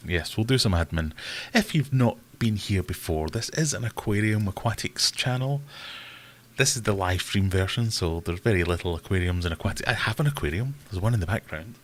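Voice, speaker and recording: A man with a somewhat low voice hosts a relaxed live stream. He chats loosely, greets viewers by name and makes fun of himself. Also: fairly quick. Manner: self-deprecating, chatty, greets viewers by name. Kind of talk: casual live-stream chat.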